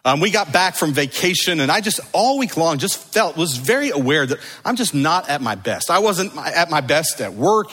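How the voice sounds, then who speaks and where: A middle-aged man preaching a sermon to a church congregation, moving between urgent emphasis and hushed, slow repetition. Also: fairly high pitch. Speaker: pastor. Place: church sanctuary. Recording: long hall reverb.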